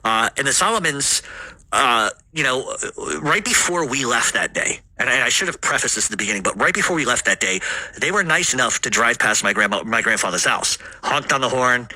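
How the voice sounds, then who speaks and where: A man from Rhode Island casually telling a family story, rambling, swearing a lot, and filling pauses with "uh". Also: mid-range voice, expressive, bright, forceful tone. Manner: rambling, heavy swearing, frequent fillers.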